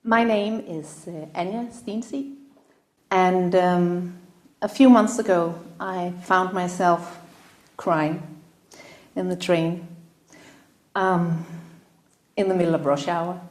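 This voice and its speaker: A woman giving an earnest, halting opening speech to a live audience, her voice catching with emotion at times. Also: fairly low pitch, steady tone. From Denmark. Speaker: event host. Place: room in front of a live audience. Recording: roomy echo.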